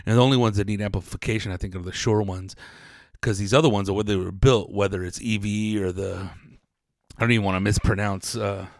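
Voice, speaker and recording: A man in his forties hosts his podcast in a loose, rambling way, swearing easily as he drifts from one story to the next. His voice sits low and has a gravelly edge. The sound is dry and close, with no room echo. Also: fairly even intonation, a little fast. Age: 40s. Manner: rambling, profane, laid-back storytelling. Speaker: podcast host. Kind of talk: casual podcast chat.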